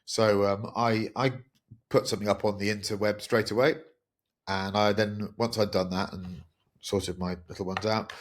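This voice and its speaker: Podcast host, middle-aged man, lowish voice, candid and self-deprecating, loose rambling delivery. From England. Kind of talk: casual podcast monologue.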